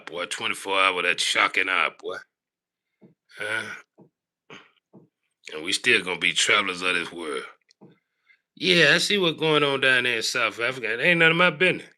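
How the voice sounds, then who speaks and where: A man hosting a live-stream rant, preachy and scolding, repeatedly tacking "boy" and "man" onto his lines. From Southern United States. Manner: big swings between low grumbling and raised shouting. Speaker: livestream host. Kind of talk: ranting live-stream commentary.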